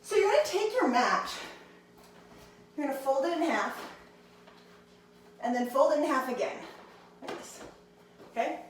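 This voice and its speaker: A woman's voice: high-pitched, big pitch swings, unhurried, long pauses, very echoey, distant mic, a little hiss or hum, rough recording. A woman teaching a handstand class, encouraging her students and counting reps aloud, a little out of breath. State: slightly out of breath. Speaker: handstand instructor. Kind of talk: fitness class instruction.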